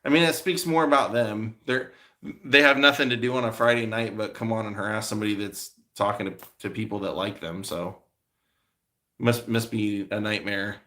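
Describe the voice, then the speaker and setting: A man's voice: on the low side, steady tone, moderate pace, bright, forceful tone. A man hosting a live stream as a vlogger. He chats casually with his viewers and tells meandering stories, full of restarts and fillers. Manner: rambling storyteller with many restarts and fillers.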